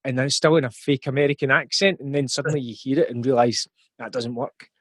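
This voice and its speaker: A man's voice: medium pitch, fairly even intonation, brisk, a bit bright, no echo. A Scottish man in his forties, a rapper guest on a podcast, talking reflectively and thinking aloud with plenty of fillers. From Scotland. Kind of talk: podcast interview.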